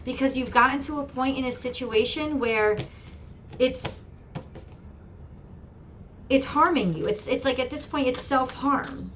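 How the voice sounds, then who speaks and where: A woman's voice: high voice, a little slow, long pauses, fairly bright tone, slight background noise. A woman giving an earnest, encouraging channeled tarot reading, often repeating herself. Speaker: tarot reader.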